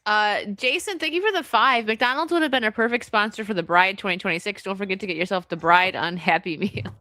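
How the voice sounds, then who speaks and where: A woman's voice: mid-range voice, brisk, bright, forceful tone, no room sound. An American woman hosting a casual live stream, chatting and reading out viewer donations with frequent laughter. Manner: chatty, laughs often, reads donor messages aloud. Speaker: host.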